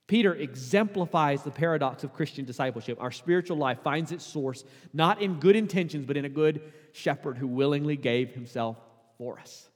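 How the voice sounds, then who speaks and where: Guy preaching in church, kinda high voice, chatty then gets really emphatic, long echo in the hall. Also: a little fast. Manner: conversational preaching, rising to emphatic peaks. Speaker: pastor. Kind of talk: sermon.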